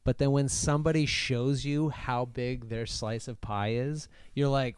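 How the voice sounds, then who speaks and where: A man's voice: mid-range voice, steady tone, measured pace, hardly any pauses, smooth, no echo. A young man co-hosting a comedy podcast, riffing in mock-angry profane rants. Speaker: podcast co-host. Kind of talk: casual comedy podcast chat.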